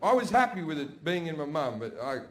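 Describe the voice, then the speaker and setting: A man's voice: on the high side, very animated, a little fast, very noisy. A man doing brash, profane stand-up storytelling on stage. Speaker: stand-up comedian. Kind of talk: stand-up comedy. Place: comedy stage before a laughing audience.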